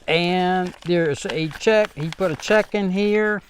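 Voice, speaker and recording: Earnest, slow-talking man with a smooth voice. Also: sits high. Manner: halting, with many fillers and restarts; earnest and heartfelt. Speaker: channel host. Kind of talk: casual vlog talk to viewers.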